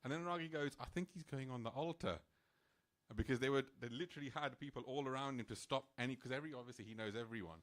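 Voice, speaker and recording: A man recounts a personal story to a gathering in casual, animated talk. He leans on "like" fillers and slips in quick laughs as he goes. His pitch sits in the middle of the range. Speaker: speaker at a temple program.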